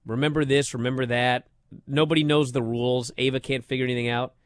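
A man co-hosting a wrestling podcast, talking in casual chat and getting worked up into loud disbelief. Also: mid-range voice, fast talker, dry recording, studio quality. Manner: animated, rising to loud disbelief. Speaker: wrestling show co-host.

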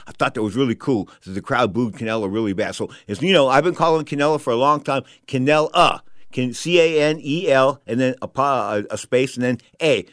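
A man's voice: medium pitch, a bit bright, no room sound, studio quality. An older man hosting a boxing show, rambling and fiery, often stumbling over names and repeating himself. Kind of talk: casual opinionated commentary.

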